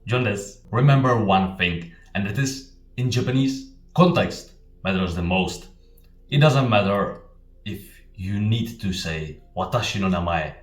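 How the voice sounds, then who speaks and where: Deep-voiced man teaching in a roomy space. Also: animated, measured pace, recorded from a distance. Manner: emphatic, repeats key points. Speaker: Japanese teacher. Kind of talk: explanatory language lesson. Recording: roomy, off-mic, faint music. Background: faint background music.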